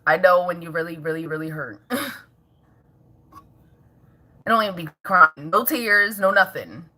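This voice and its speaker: A woman's voice: on the low side, a little slow, pushed and bright. A woman vlogging casually at home as a mother, chatting with viewers, laughing often and scolding her toddler in between.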